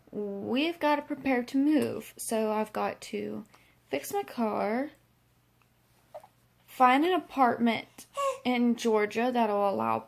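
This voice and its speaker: A young woman talks into her camera at home, unhurried and fairly high-pitched. Her voice drags with gravelly fry, and she halts, trails off and fills gaps with ums. She sounds sleepy, yawning her way through. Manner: tired, yawning, halting with many fillers. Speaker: vlogger. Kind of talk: casual vlog talk to camera.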